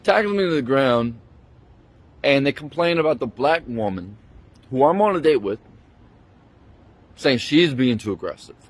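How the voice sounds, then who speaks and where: A man's voice: mid-range voice, animated, normal speed, long pauses. A man angrily retelling a bad experience in a profane, indignant rant, talking into a handheld phone he keeps switching between hands. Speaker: vlogger. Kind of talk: angry storytime rant.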